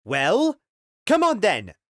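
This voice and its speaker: A foul-mouthed young woman fighter roars in a raised, strained voice, as a male narrator puts her on. Her shouting is rough and scornful, and the recording is close and dry. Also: high-pitched, wildly swooping pitch, slow, no echo, pitched above the performer's own voice, full character voice. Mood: yelling.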